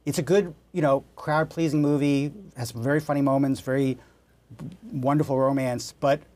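A man's voice: mid-range voice, steady tone, moderate pace, a little mellow. A man on a film critics' panel who bluntly disagrees with the others. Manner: blunt, argues against the others. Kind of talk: panel film review chat.

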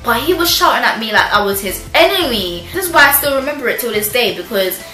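A young woman telling a storytime on her vlog, animated and chatty, laughing often as she talks. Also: fairly high pitch, fast. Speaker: vlogger. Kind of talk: casual storytime chat. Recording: roomy echo with faint music.

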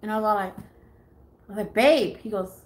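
An American woman vlogging live from her home on a phone camera, telling a story in a casual, animated way, swearing freely and acting out what others said. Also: medium pitch, moderate pace. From United States. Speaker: beauty vlogger.

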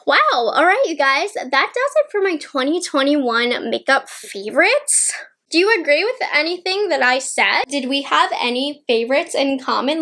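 A woman's voice: sits high, a bit bright. A young woman chatting casually to her viewers as a beauty vlogger, enthusiastic and direct. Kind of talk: casual product review vlog.

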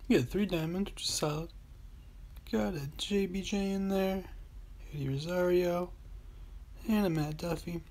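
Man casually narrating pack openings. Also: high-pitched. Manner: relaxed, talking to himself while opening packs. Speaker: mobile game channel host.

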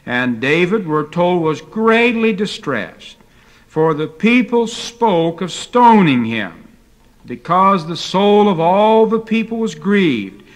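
A man's voice: high-pitched, animated, slow. An older man teaching a taped Bible lecture, telling stories in a folksy way with frequent hesitant fillers.

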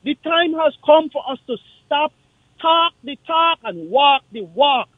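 A man with a Kittitian accent calling in to a radio talk show, speaking in an impassioned, forceful, repetitive way. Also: very high-pitched, expressive, unhurried, no room sound. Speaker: caller. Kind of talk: call-in radio rant. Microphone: phone line. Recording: tinny dry phone line.

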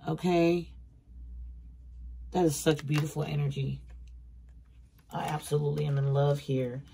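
A tarot reader delivers a casual reading in an emphatic, blunt manner. The voice sits at a middling pitch and leans on repetition and swearing for stress. A faint hiss runs under the recording. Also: flat delivery, unhurried, gravelly, dark tone.

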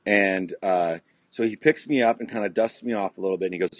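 A man's voice: sits low, a little fast, no echo. A middle-aged man from California, a podcast guest, telling stories in a laid-back, rambling way and swearing freely, with many restarts and "you know"s. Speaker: podcast guest, punk musician. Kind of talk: casual storytelling. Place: podcast studio.

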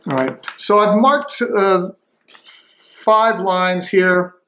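A man thinking aloud as he slowly works through a demonstration, tentative and musing, with frequent restarts. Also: high-pitched, animated, bright, forceful tone.

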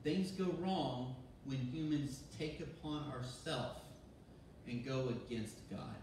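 A man, a pastor, giving a sermon in a lively, conversational way, often restarting his sentences. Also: mid-range voice, takes it slowly, a little hiss or hum. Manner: animated, conversational preaching with restarts. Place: church sanctuary. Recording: very echoey church from far off.

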